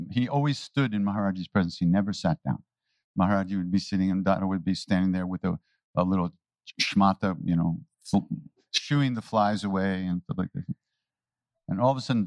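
A man telling stories to a live audience on a handheld mic, animated, laughing and often restarting his sentences. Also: sits low, fairly quick, no room sound. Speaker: spiritual teacher answering questions. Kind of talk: anecdotal storytelling talk. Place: talk before a live audience. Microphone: handheld microphone.

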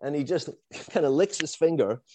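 A middle-aged man who moved to the United States from abroad, telling a long, animated fan story in casual chat, full of fillers and little laughs. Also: fairly high pitch, moderate pace, a little hiss or hum.

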